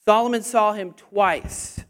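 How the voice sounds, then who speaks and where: A man with a high, light voice preaches a sermon with lots of energy. He calls out to the congregation and waits for their answers. At his peaks he nearly shouts. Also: takes it slowly. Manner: energetic, call-and-response, rising to near shouting.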